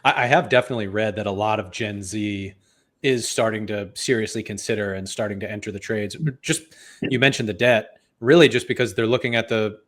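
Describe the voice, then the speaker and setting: Low-voiced man hosting a podcast. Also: fairly bright tone. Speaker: podcast host. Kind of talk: casual interview chat.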